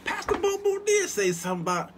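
A man's voice: very high-pitched, fast, slight background noise. A man hosting his own show, telling comic stories to viewers with frequent laughter and asides to the chat. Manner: animated, laughs often, talks back to viewers. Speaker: show host. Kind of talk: comedic storytelling to a live chat.

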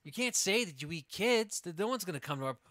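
A man's voice: high-pitched, lively intonation, quick pace, fairly bright tone, dry recording, voice pushed up. A man voicing a fussy park ranger who keeps pressing startled questions. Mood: alarmed. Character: flustered male park ranger, alarmed and fussy.

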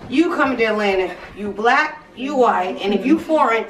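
A young woman chatting with family, telling lively stories with lots of laughter and bits of Spanish. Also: fairly high pitch, moderate pace, recorded from a distance. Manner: animated, laughing storyteller who switches into Spanish. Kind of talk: casual chat. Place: family home during hurricane evacuation. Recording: echoey room, voice off-mic, crowd chatter.

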